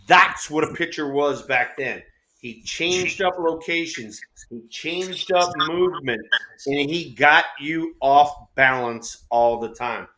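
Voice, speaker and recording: Man, middle-aged, co-host, profane baseball stories, slightly high voice, roomy echo. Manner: animated, swears freely, acts out quotes. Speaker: co-host, former ballplayer.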